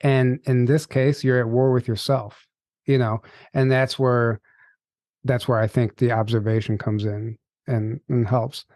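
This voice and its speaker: A man's voice: mid-range voice, flat delivery, a little slow, darkish tone, no echo. A man hosting a podcast, speaking candidly and a bit hesitantly as he searches for his words. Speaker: podcast host. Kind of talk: casual conversational interview.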